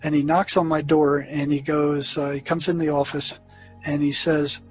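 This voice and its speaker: A man's voice: a little high, flat delivery, faint music behind, low-quality recording. Earnest man recalling prison therapy. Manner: earnest, halting with restarts and fillers. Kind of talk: storytelling recollection.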